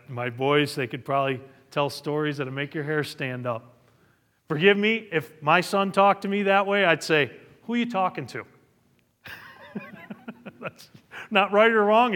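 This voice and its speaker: A man's voice: on the high side, measured pace, a bit bright, in a large hall. A middle-aged male pastor preaching a sermon, reading scripture aloud and building to emphatic peaks. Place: church sanctuary.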